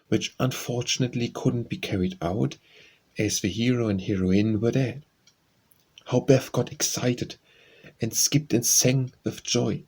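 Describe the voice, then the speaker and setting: A man narrating a classic novel as an audiobook in a measured, even-toned way. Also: lowish voice, breathy edge, low-quality recording.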